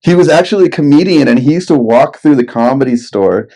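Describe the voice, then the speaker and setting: A man's voice: medium pitch, lively intonation, a little fast, warm tone. A young man telling rambling, expletive-laden stories in a casual podcast chat. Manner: rambling anecdotes, heavy swearing.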